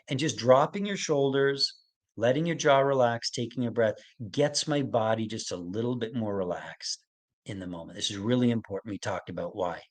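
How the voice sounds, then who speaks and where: A man's voice: mid-range voice, normal speed. Earnest man coaching parents in a webinar. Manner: earnest, coaching, laughs now and then. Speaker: autism expert giving a webinar.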